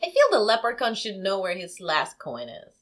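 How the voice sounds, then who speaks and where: A woman's voice: medium pitch, very animated, normal speed, fairly bright tone. A woman giving playful, giggly running commentary while watching a movie with a friend. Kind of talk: casual watch-along chat.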